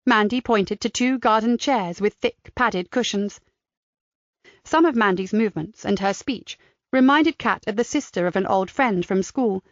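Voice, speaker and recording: A woman's voice: medium pitch, no echo. Woman reading a crime audiobook. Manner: measured, descriptive. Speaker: audiobook narrator. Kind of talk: scripted narration. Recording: dry, slightly dull studio sound.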